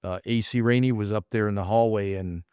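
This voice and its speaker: A man's voice: lowish voice, steady tone, a little fast, mellow, clean tone, dry recording, studio quality. A middle-aged man, a martial arts instructor, casually rambling through anecdotes and acting out quoted dialogue. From United States. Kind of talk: casual storytelling.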